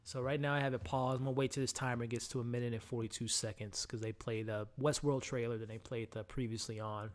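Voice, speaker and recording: A man's voice: mid-range voice, steady tone, quick pace, few pauses. A man hosting a live stream, chatting casually with viewers and sometimes dropping to a murmur. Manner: chatty, talks to chat, restarts and fillers, drops to a murmur. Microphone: headset mic.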